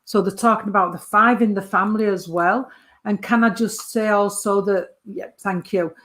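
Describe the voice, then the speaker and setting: A woman's voice: medium pitch, steady tone, moderate pace. A woman, giving a medium's reading from a photo and calling the sitter sweetheart and darling. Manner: warm endearments, calls the sitter sweetheart and darling.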